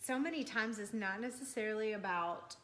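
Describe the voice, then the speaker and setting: A woman in an earnest, storytelling manner, sharing personal experiences from her marriage. She co-leads the talk with her husband and speaks with a middle-pitched voice. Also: fairly quick, a bit bright. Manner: earnest, storytelling, laughs often. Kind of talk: sermon-style couple talk.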